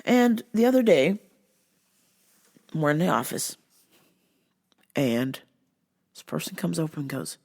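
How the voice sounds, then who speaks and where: A woman hosting a podcast, talking casually to her listeners in a profane, animated rant. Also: low voice, slow pace, vocal fry, pauses often, slightly rough. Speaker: podcast host. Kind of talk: casual solo monologue.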